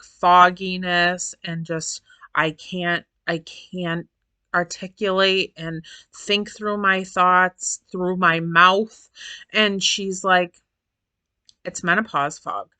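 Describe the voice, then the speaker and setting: Bright-voiced chatty woman in her forties. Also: fairly low pitch, steady tone, slow pace, smooth, dry recording. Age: 40s. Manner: chatty, repeats phrases for emphasis, laughs often. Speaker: vlogger. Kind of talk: casual chat to camera.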